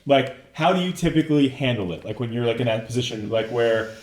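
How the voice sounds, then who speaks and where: A man's voice: medium pitch, expressive, fast talker, darkish tone. A man hosting a podcast, loose and joking, with slang and swearing. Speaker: podcast host. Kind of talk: casual podcast chat.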